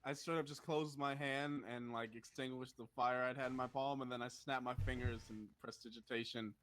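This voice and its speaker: A man's voice: medium pitch, steady tone, fairly quick, a bit bright, slight background noise. A man playing a tabletop game, playful and stammering a little. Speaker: player. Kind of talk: casual tabletop play.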